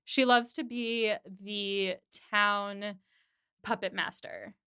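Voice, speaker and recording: A woman hosting a podcast, recapping an episode in a casual, animated way with quick voiced asides. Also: mid-range voice, clear, resonant tone, no room sound, studio quality. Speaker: podcast host.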